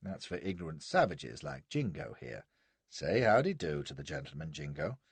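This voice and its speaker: A man's voice: rumbling low, very animated, slightly rough, no echo, voice pushed down, exaggerated voice. Man playing a hearty, teasing adventurer in his forties. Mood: jovial. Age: 40s. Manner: cheery, teasing, brisk. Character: hearty, grinning middle-aged English adventurer man.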